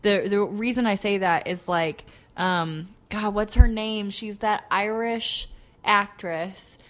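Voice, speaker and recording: A woman co-hosting a podcast in casual chat, excitable and joking, laughing often. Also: mid-range voice, slow. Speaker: podcast co-host.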